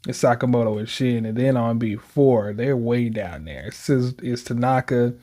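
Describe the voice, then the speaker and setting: A man's voice: mid-range voice, moderate pace, warm tone. A man hosting a manga reaction, chatting casually and reading the panels aloud in loose, slangy commentary.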